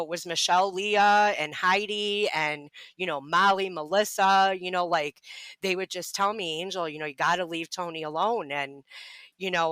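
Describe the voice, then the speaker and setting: A woman tells her story on a podcast, candid and unfiltered, laughing often and swearing freely. Her voice is bright and forward. The sound is dry and close, with no room echo. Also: fairly low pitch, clear, resonant tone. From Ohio. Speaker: podcast guest. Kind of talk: casual storytelling.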